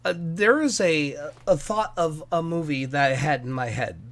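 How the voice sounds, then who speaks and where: A man hosting a casual podcast, excitable, joking and quick to apologize. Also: a little high. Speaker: podcast host.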